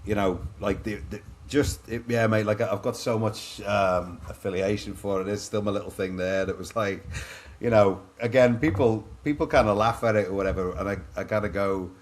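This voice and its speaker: A man in his forties from England with a Liverpool accent, telling stories as a podcast guest, animated and full of restarts. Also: fairly low pitch, moderate pace. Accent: Liverpool English. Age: 40s. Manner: animated, restarts often, says mate a lot. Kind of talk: casual storytelling.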